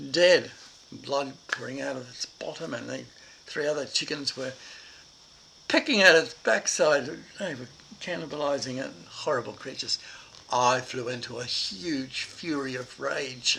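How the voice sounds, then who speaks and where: A man's voice: medium pitch, creaky, sharp tone, a little hiss or hum, poor audio. An older man with an Irish Australian accent telling a childhood story in a rambling, reflective way. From Ireland and Australia. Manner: rambling and reflective, with many fillers.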